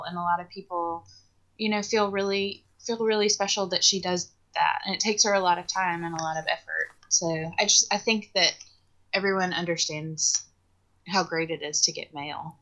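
A woman's voice: mid-range voice, moderate pace, fairly bright tone. A woman on a casual book podcast, talking with a sardonic, groaning sense of humor. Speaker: podcast co-host.

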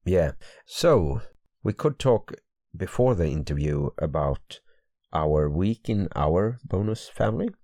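A very deep-voiced man with a Swedish accent co-hosts a podcast in English, his first language being Swedish. He sounds groggy, as if just woken, and speaks in a slow, halting way, with a voice that swoops widely. The recording is close and dry. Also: lively intonation, dark tone, no room sound. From Sweden. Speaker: podcast co-host. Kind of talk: casual podcast chat. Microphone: podcast microphone.

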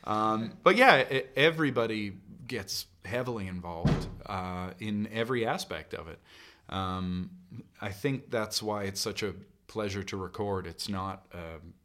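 Deadpan joking man in a bright voice. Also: lowish voice, measured pace. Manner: dry joking, relaxed. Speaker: band member guest. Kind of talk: casual interview chat.

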